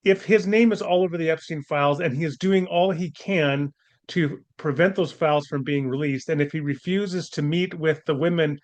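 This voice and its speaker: A man's voice: on the high side, normal speed. A man hosting an opinionated commentary monologue, talking in an indignant, scornful way and firing off rhetorical questions. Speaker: commentator and apologist host.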